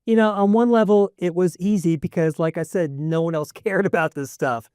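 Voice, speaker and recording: A fanzine writer on a panel tells long anecdotes, correcting himself along the way. His voice is mid-pitched and the sound is dry. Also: moderate pace, darkish tone, smooth, no echo. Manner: rambling, self-correcting anecdotes. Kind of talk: live panel Q&A.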